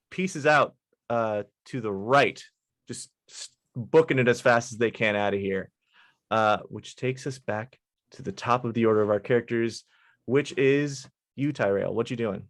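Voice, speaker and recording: A man narrating as dungeon master, relaxed and amused, with frequent hesitations. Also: medium pitch, measured pace, dry recording, clean studio sound. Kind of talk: narrating a tabletop game.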